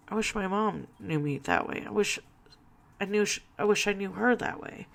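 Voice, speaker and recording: A woman speaking haltingly about grief in a personal vlog, with many fillers and restarts, close to tears. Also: medium pitch, very animated, creaky, a bit bright. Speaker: vlogger.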